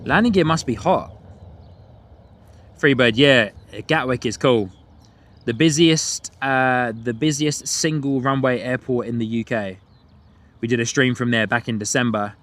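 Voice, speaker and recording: A man's voice: medium pitch, unhurried, fairly bright tone. Chatty British man with an Antipodean twang. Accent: British with an Australian and New Zealand twang. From United Kingdom. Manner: chatty, laughs often, reads out viewer chat. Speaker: livestream host. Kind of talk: live plane-spotting commentary. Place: outdoors at an airport.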